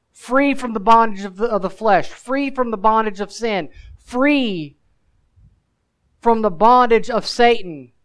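Smooth-voiced male pastor preaching. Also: high-pitched, low-quality recording. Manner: earnest, emphatic preaching with rhetorical questions; casual asides mixed with scripture. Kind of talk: sermon.

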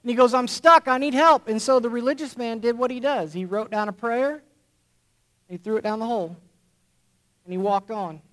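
With a darkish tone and a fairly high pitch, a man serving as pastor addresses his church congregation. The delivery is earnest and unhurried, relying on repetition and careful emphasis to build each point gradually.

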